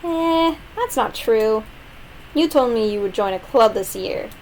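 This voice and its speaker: A woman voicing a bubbly, carefree teenage schoolgirl while reading game dialogue aloud, with a high, drawn-out, sing-song delivery. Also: expressive, darkish tone, a little hiss or hum, rough recording. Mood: teasing.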